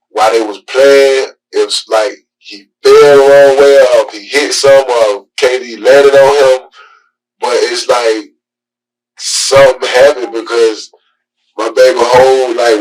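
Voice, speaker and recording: A father answering police questions in a halting, rambling way, full of filler words. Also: mid-range voice, distant mic, rough recording. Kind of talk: police interview.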